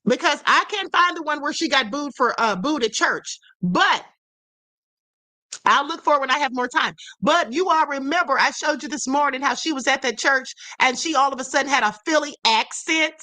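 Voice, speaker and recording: A woman hosting a livestream, giving animated commentary, laughing often and reading out viewer comments. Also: high voice, moderate pace, no echo. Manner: repeats "please pay attention". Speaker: host.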